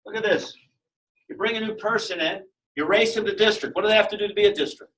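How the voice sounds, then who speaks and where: Speaking at a quick pace in a high, lifted voice, a motivational speaker delivers an energetic sales talk to a crowded room, captured in a rough recording. His tone roams freely; he's animated, jokes nonstop, and acts out brief dialogues between characters.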